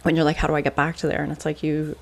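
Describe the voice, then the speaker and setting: A woman co-hosting a podcast, chatting in an earnest, affirming way. Her voice is gravelly with plenty of fry, and her pitch stays flat and even. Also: racing. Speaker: podcast co-host. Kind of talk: casual chat.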